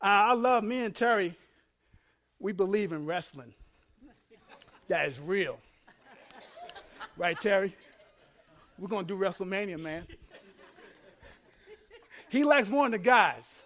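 A male pastor preaching a sermon, dropping to a low murmur and then building to shouting, with frequent laughs. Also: animated, a little slow, long pauses. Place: church.

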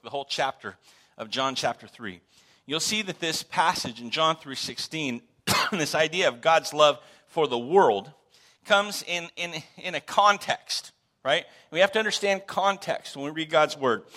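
A man preaching a sermon to his congregation in a conversational, animated way, asking questions and repeating words for emphasis. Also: fairly high pitch. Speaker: pastor. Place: church sanctuary.

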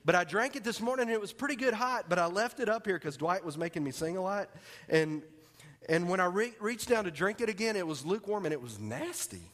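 A man preaching a sermon as pastor, conversational and joking, dropping to quiet emphasis on key points. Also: sits high, lively intonation, brisk.

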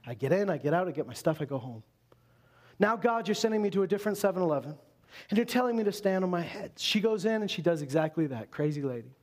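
A male pastor delivering a conversational sermon to a congregation, animated and full of quick asides. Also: high voice.

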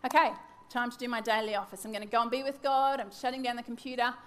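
A woman's voice: fairly high pitch, little pitch movement, fast talker. A woman in her thirties giving a devotional teaching talk, candid and self-mocking, acting out her own wandering thoughts. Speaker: church teacher.

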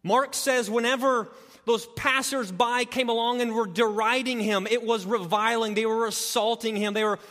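A man with a high, bright voice preaches a sermon. He drops to slow, quiet stretches and then climbs into loud, urgent passages. The sound carries a long reverb, as in a large hall. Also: fairly even intonation. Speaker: pastor.

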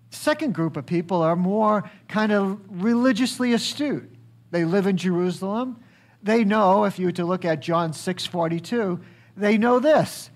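Pastor, male, high voice, unhurried sermon delivery with rhetorical questions. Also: animated. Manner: preaching with rhetorical questions and acted quotes; slow and emphatic, swinging high for quotes and dropping low.

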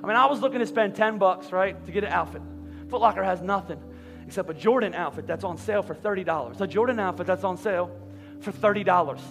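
A man in his thirties from Philadelphia, preaching a sermon in a large church and telling a lively personal story. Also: high-pitched, fast talker, vocal fry. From Philadelphia, USA. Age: 30s. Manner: animated, rising to near-shouting. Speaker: pastor. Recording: long hall reverb, faint music.

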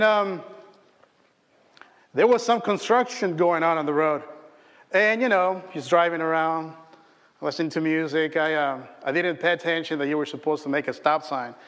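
A pastor preaches a sermon in a church, telling stories conversationally with lots of fillers and restarts. His male voice sits on the high side and is a bit bright, with a long reverb tail.

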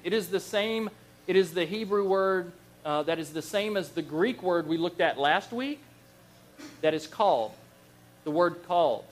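A man preaching a Bible lesson, telling the stories in a lively, animated way and acting out the figures he quotes. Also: sits high, moderate pace. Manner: animated storyteller, acts out quoted voices, chuckles. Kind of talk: Bible teaching sermon.

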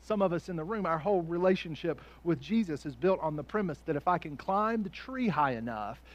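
Through a muffled recording, a pastor with a fairly high voice delivers a brisk, animated sermon. He laughs often, performs different voices, and moves between quiet asides and loud climaxes.

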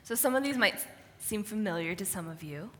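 A woman's voice: mid-range voice, lively intonation, a little fast. A female pastor co-leading a sermon, affirming her partner and laying out points as short lists. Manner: affirming, list-like delivery. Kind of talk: co-led sermon. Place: church sanctuary. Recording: long hall reverb.

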